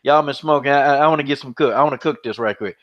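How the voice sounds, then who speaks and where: A man with a medium-pitched voice races through a heated, casual MMA podcast that he hosts. He's mocking and repetitive, swears a lot, and the recording is dull and lo-fi.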